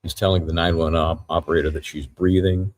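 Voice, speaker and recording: A man giving a live courtroom recap as a trial reporter, retelling events in a halting, methodical way. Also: low voice, level tone, a little hiss or hum.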